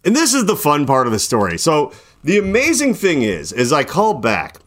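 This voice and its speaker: His pitch is a little high and swoops wildly, with a fairly bright tone at normal speed. This young podcast host tells a long, rambling late-night story, saying "like" a lot and playing himself and the other person on his phone calls.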